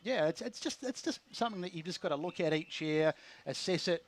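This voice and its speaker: Quick-talking New Zealand man. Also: on the high side, expressive. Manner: rambling, many fillers and restarts. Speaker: league guest commentator. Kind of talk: pre-match sports radio chat.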